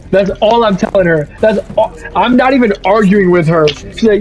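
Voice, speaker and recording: Young male streamer, high-pitched, profane storyteller; lo-fi mic with soft music bed. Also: brisk. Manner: profane, animated storytelling with quoted voices. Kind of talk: casual rant over gameplay. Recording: slightly muffled, faint music.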